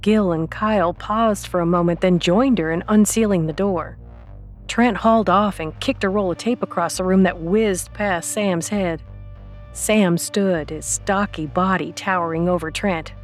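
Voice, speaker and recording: A woman narrating an audiobook in a calm, steady reading voice. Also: fairly low pitch, unhurried, soft background music.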